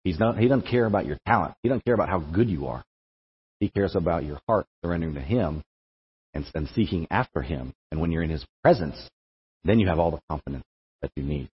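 Low, husky-voiced young preacher. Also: male voice, lively intonation, a little fast. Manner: conversational preaching, repeats words while thinking. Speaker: campus ministry speaker. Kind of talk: sermon. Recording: echoey hall, dull lo-fi sound.

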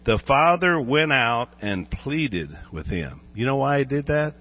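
A male pastor preaching an animated sermon, acting out the voices in the story. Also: mid-range voice, measured pace, lo-fi sound.

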